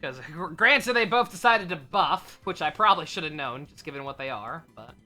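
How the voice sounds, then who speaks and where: A woman's voice: low voice, animated, moderate pace, sharp tone, soft background music. A woman streaming a game live, chatting casually in a rambling, profane way with lots of fillers. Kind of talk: casual live gameplay commentary.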